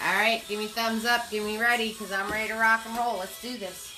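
A woman's voice: on the high side, level tone, brisk, music in the background, low-quality recording. A woman leading a live online painting class, chatty and playful, repeating her cue words in a sing-song way. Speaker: paint party instructor.

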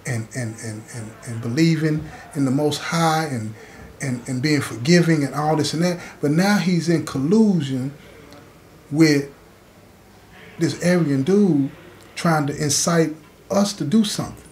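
A man's voice: fairly high pitch, measured pace, darkish tone, a little hiss or hum. A man hosting his own channel, telling a story in a conversational way with frequent asides to the listener. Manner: conversational, often adding "you know what I'm saying". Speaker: host.

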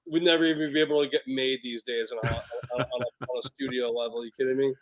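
A man who is a guest filmmaker, talking casually about a movie, relaxed and swearing freely. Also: medium pitch, quick pace, low-quality recording.

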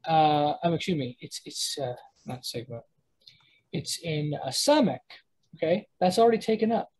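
A woman's voice: sits low, animated, moderate pace, a little mellow, breathy edge, rough recording. A woman teaching a Hebrew pronunciation lesson to a live class, thinking aloud with many restarts and self-corrections as she sounds out words. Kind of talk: live class lecture with students.

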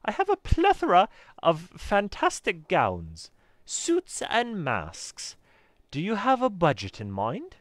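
A man putting on a chirpy female game shopkeeper, attempted British accent, sing-song high voice, swoops around a lot. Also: huge pitch swings, slow pace, no room sound, heavily acted. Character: chirpy female costume shopkeeper, eager seller.

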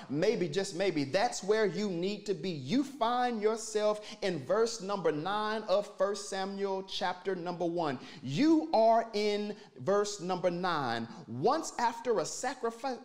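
A pastor delivering a sermon, preaching emphatically with repeated phrases and rising and falling loudness. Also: medium pitch.

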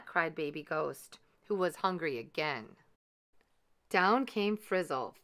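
A woman reading a children's picture book aloud in an expressive, animated way. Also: lowish voice, unhurried. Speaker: storybook reader.

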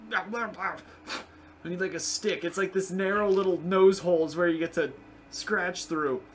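A young man giving casual, excitable gameplay commentary, swearing and chatting to the game's creatures. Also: sits high, a little hiss or hum. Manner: excitable, profane, talks to game creatures. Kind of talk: casual let's play commentary.

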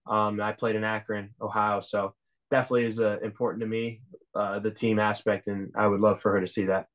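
A man's voice: fairly low pitch, flat delivery, fairly quick, fairly bright tone. A young man in a casual interview, telling stories enthusiastically with many "you know"s. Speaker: reality show winner, interviewee.

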